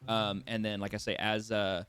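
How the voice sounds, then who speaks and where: A man's voice: lowish voice, flat delivery, fairly bright tone, clear, resonant tone. A man narrating as game master in a casual, rambling way. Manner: casual, rambling, quick to laugh.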